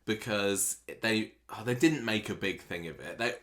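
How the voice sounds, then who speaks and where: Low-voiced man musing on soap plots. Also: normal speed, fairly bright tone. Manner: thoughtful, talks at length, chatty asides. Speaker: podcast co-host. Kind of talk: casual recap chat.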